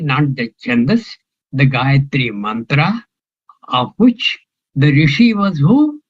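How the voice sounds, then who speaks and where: A man's voice: on the high side, muffled recording. An older man teaching a scripture class, talking in a musing way and quizzing his students. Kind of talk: scripture class, question and answer.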